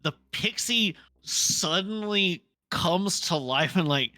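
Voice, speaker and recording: A woman narrating a tabletop game as dungeon master, unhurried with many filler words. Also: fairly low pitch, animated, sharp tone, no echo.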